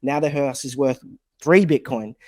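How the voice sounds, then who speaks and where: Male co-host, mid voice, quick explainer, dry studio. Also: mid-range voice, a little mellow, dry recording. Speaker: podcast co-host. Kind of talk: casual podcast chat.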